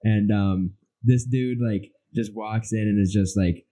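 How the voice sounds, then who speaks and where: Young man, podcast co-host, rambling casual stories, low voice, mellow tone. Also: steady tone, a little slow. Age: young adult. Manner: rambling storyteller, acts out his own reactions. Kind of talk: casual chat.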